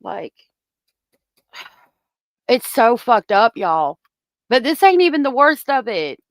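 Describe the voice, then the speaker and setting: Ranting furiously and cursing at her viewers, a woman hosts a heated commentary stream on a close desk mic. Her voice is high and very animated but slow-paced, with no room sound.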